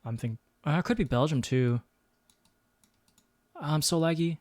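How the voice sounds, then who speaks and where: A man's voice: on the high side, unhurried, a little mellow, no echo. A man streaming a geography guessing game, thinking aloud and muttering his guesses with self-deprecating asides. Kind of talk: casual gameplay commentary.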